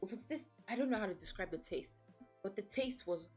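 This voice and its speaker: A woman's voice: mid-range voice, lively intonation, brisk, darkish tone, slightly rough, soft background music. A woman streaming as a VTuber, chatting casually in a blunt, profane, playfully dramatic way and laughing often. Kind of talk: casual livestream chat.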